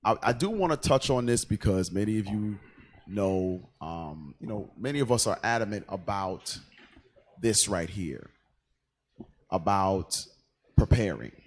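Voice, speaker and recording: Host, husky lowish male voice, swings pitch a lot, loose chatty delivery. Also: unhurried. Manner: animated, laughs easily, repeats words. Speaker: radio show host. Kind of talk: casual online radio talk. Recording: online call audio.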